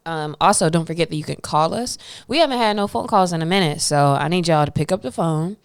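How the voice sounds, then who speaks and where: A woman with a low, smooth and resonant voice chats easily as a podcast co-host. She sounds laid-back and slangy, meandering through her points with casual fillers. The sound is dry and close. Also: fast talker, no room sound. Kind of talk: casual chat.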